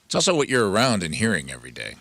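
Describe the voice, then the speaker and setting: A man's voice: on the low side, wildly swooping pitch, very fast, vocal fry, bright, forceful tone, dry recording. A man from Southern Illinois co-hosting a radio comedy show, telling stories and acting out quotes. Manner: storytelling, acts out quotes. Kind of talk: casual chat.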